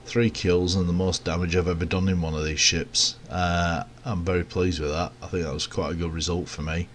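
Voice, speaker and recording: Low-voiced man rambling through gameplay. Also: fairly quick, slight background noise. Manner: rambling, relaxed, self-mocking asides. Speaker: gameplay commentator. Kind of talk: casual gameplay commentary.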